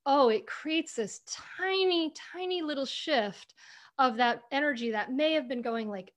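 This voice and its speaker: A woman author in an interview, telling personal stories in a lively way, with many fillers and restarts. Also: high voice, unhurried. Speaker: author, guest. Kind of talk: conversational interview.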